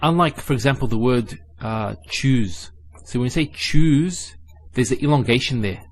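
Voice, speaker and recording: Patient man teaching Arabic letter sounds. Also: mid-range voice. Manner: patient, repeats sounds slowly and carefully. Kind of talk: spoken lesson.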